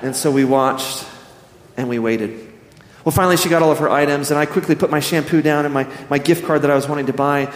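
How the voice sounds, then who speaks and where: A man's voice: fairly high pitch, quick pace. A man preaching a sermon as a pastor, telling a personal story and acting out his own thoughts before turning to scripture. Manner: storytelling, animated quoting of himself. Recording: echoey hall.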